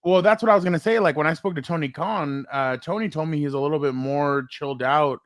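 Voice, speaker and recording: An animated man co-hosting a casual sports chat, with a fairly high voice. He sounds playful and quick to jump in. The sound is dry and close, with no room echo. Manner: animated, breaks into playful repeated exclamations. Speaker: podcast co-host.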